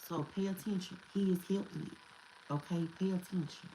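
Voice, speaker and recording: A woman's voice: fairly low pitch, fairly even intonation, a little fast, mellow, a little hiss or hum, low-quality recording. A woman giving a casual spiritual tarot reading, emphatic and repetitive, slipping into slang and curses. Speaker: tarot reader.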